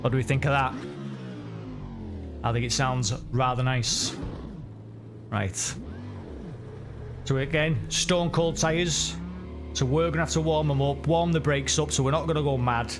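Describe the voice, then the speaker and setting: A man's voice: medium pitch, steady tone, measured pace, long pauses, over music. A man chatting casually and correcting himself while commenting on a racing game live. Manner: chatty, rambling, self-correcting. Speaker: sim racing streamer.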